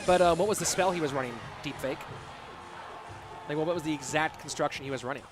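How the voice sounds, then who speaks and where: A man casting an online game tournament live, calling plays in a chatty, excitable way and thanking viewers from the chat by name. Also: fairly high pitch, brisk. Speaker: esports caster and streamer. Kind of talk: live game commentary mixed with chat reading. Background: background music.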